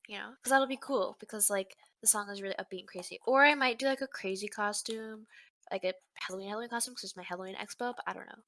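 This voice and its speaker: A young woman co-hosting a casual podcast, bubbly and teasing, quick to exclaim. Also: medium pitch, bright, forceful tone. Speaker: podcast co-host. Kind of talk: casual chat.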